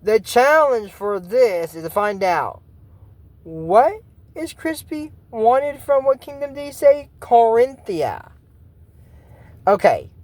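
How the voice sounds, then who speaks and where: A man's voice: high voice, no room sound. A man casually recapping a cartoon episode, rambling with many fillers and joking asides. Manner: rambling, filler-heavy, excitable, jokey asides. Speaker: YouTube cartoon commentator.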